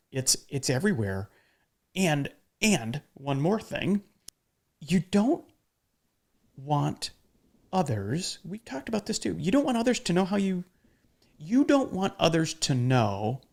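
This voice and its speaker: A man's voice: on the high side, creaky, a little mellow. A man hosting a podcast in casual conversation, talking emphatically and bluntly, with the odd swear word. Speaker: podcast host.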